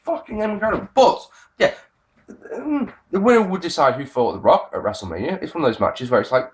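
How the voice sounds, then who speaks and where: A man giving a casual, sarcastic review of a wrestling show, swearing often and swinging between grumbling and excited outbursts. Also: on the high side, fairly quick. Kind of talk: casual solo review rant.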